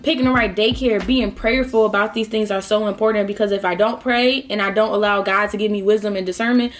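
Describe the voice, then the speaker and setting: A woman's voice: mid-range voice, fairly even intonation, fast, soft background music. A woman in her twenties talking casually while eating, heartfelt and rambling, with lots of fillers. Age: 20s. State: close to tears at times. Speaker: vlogger. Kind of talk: casual mukbang talk.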